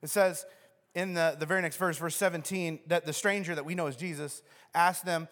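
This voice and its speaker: Male pastor, sermon, lively storyteller acting out scenes, long church-hall reverb. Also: fairly high pitch, moderate pace. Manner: animated storyteller who acts out scenes.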